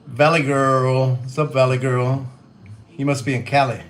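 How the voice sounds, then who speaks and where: A man with a light Western Kentucky accent chats in a soft, easygoing voice on a cooking livestream. His pitch sits in an ordinary middle range, and he talks to viewers and answers their comments one by one. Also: little pitch movement, moderate pace, slight background noise. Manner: chatty, reads out viewer comments, soft-spoken. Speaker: livestream host. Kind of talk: casual livestream chat while cooking.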